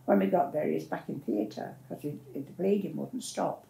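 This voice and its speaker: Older woman, gravelly and mellow. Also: sits low, moderate pace. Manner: plain-spoken, rambling recollection with restarts. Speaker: interviewee. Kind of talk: personal storytelling. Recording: roomy echo.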